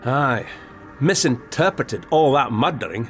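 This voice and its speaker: A man playing a brave, stubborn young Scottish highlander in an audio drama, speaking with a Scottish accent. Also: animated, unhurried, natural voice. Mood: suspicious. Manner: urgent, stubborn, suspicious. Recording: reverberant drama mix with music score.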